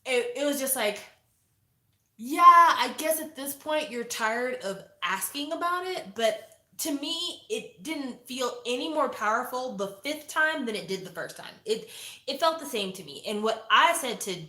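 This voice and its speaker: Opinionated and lively, this woman in her forties talks her viewers through a show review, performing quotes as she goes. She has a high-pitched voice and a measured pace. Recorded in an echoey room.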